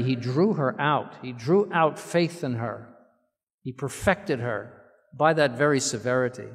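A man preaching a sermon as a bishop, earnest and slowing down to stress key words. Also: medium pitch, fairly bright tone, in a large hall.

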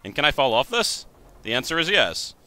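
A man's voice: medium pitch, very animated, brisk, bright, forceful tone. A man in his twenties giving wry gameplay commentary. He thinks aloud and jokes at his own expense. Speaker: let's play host.

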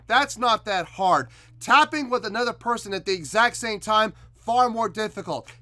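Lively bright-voiced man reacting to music. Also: high-pitched, dry recording. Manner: animated, exclaiming, explaining guitar technique. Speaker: music reaction video host. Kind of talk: excited reaction commentary.

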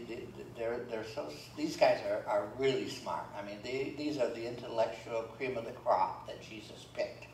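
Folksy pastor preaching in an echoey church. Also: male voice, mid-range voice. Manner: folksy, joking asides between scripture readings. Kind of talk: sermon. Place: church sanctuary. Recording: roomy church echo, from far off, faint room noise.

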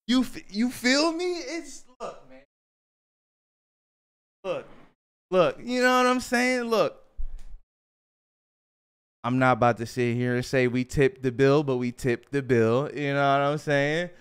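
A young man telling a casual storytime, animated and slangy, often repeating himself. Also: medium pitch, takes it slowly, pauses often, slight background noise.

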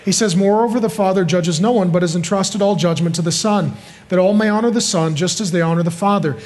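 A man in his thirties preaching a sermon as pastor, emphatic and building to loud, forceful peaks. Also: high voice, fast.

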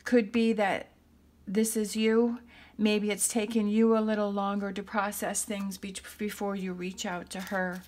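A woman's voice: medium pitch, flat delivery, measured pace, few pauses, a little mellow. A woman giving a tarot reading to her viewers, thinking aloud in a reassuring way and often checking in with "okay?". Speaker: tarot reader.

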